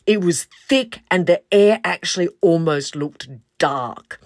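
A woman tells a story in a chatty, lively way. She talks in a fairly low voice and slips into other voices for quotes. The recording is dry and close-miked. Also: slow pace, no echo. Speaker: podcast host. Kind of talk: casual storytelling.

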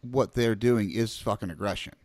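A man's voice: fairly low pitch, moderate pace, a little mellow, no room sound, clean studio sound. A young adult man in casual chat, earnest and reflective.

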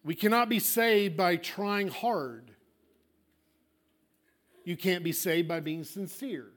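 Male pastor, high tenor preaching voice, emphatic sermon delivery with sudden hushed drops. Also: slow pace. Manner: emphatic, swings from loud declarations to hushed asides; acts out congregants' objections in a small voice.

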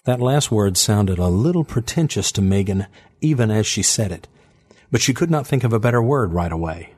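A man narrating fiction in a steady, measured storytelling manner. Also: on the low side.

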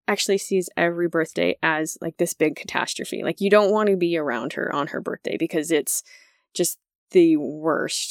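A woman's voice: medium pitch, fairly bright tone, no echo, studio quality. A woman in her thirties hosting a parenting podcast in a casual, conversational way. She laughs often and acts out the lines she quotes.

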